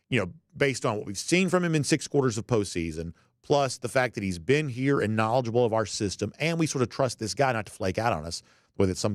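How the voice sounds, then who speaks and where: A man's voice: on the low side, no echo, studio quality. A man hosting a college football podcast, talking in a conversational way with folksy asides. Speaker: podcast host. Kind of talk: sports commentary monologue.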